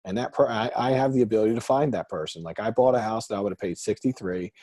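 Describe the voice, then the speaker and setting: A man's voice: lowish voice, fast, dark tone, no echo. A man hosting a casual group call as a coach, talking bluntly and animatedly, swearing now and then. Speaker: host and real estate coach. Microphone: group call audio.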